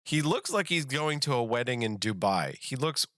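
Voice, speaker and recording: A man's voice: medium pitch, lively intonation, normal speed, fairly bright tone, dry recording, clean studio sound. A man running an online tabletop game as game master, teasing his players and laughing often.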